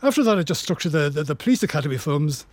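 An actor playing a jolly, gossiping Scottish bishop who rambles and laughs at others. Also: male voice, a little high, very animated, rapid-fire, slight background noise. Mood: gossipy.

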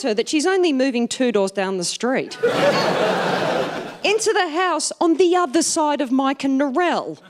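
A woman's voice: high-pitched, moderate pace, a loud crowd, very noisy. Dry woman telling comic stories. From Australia. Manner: dry, self-mocking storytelling with deadpan punchlines. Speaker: stand-up comedian. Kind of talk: comic storytelling to a live audience.

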